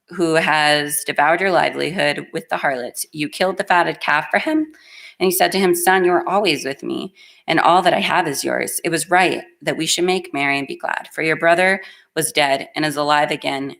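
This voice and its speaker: A woman's voice: low-pitched, creaky, fairly bright tone. A middle-aged woman preaching in a church, reading scripture aloud and speaking in an earnest, emotional, plainspoken way.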